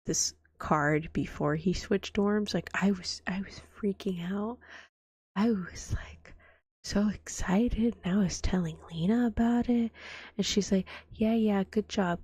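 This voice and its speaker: A young woman with a cold-roughened, hoarse voice, chatting in a whispered role-play as a streamer, soft and breathy and often dropping to a whisper. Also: fairly low pitch, dry recording. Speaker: vtuber streamer.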